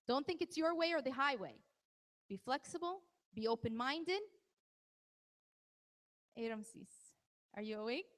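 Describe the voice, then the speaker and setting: A high-voiced woman presents a live parenting workshop in a big hall, where her words trail off in long reverb. She stays conversational, teasing audience members by name, and her tone is fairly bright.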